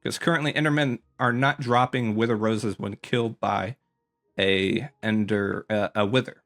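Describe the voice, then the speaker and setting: A man's voice: fairly low pitch, steady tone, normal speed, fairly bright tone, faint music behind. A man casually commentating a tour of his survival game world, rambling with lots of ums and self-corrections, a little out of breath. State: slightly out of breath. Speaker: gaming YouTuber.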